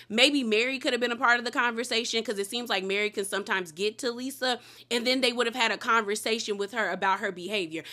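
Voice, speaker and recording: A woman giving a casual, slangy, emphatic recap of a reality TV episode, quick to laugh. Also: a little high, sharp tone. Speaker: TV show recap host.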